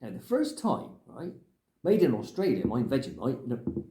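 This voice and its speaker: A man's voice: medium pitch, wildly swooping pitch, moderate pace, dark tone. A man playing a ranting grumpy bloke. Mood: grumbling. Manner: rambling, ranting, tags lines with "right?". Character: grumpy older Englishman ranting about clutter. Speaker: comic character. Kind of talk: rambling comic monologue to camera. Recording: echoey room.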